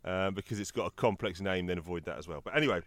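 A middle-aged man co-hosting a podcast in casual chat, jokey and animated as he tells stories. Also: low voice, quick pace, no room sound. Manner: chatty, jokey, animated storytelling. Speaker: podcast co-host.

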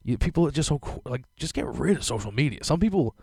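A young podcast host rants casually, swearing and packing his rambling speech with fillers. His voice is fairly high, animated, fast, gravelly and darkish with a breathy edge, and there's no room sound.

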